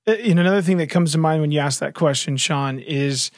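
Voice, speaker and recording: A man's voice: a little high, fast talker, no echo, clean studio sound. A man talking earnestly in a casual faith discussion, retelling a story with lots of fillers and restarts.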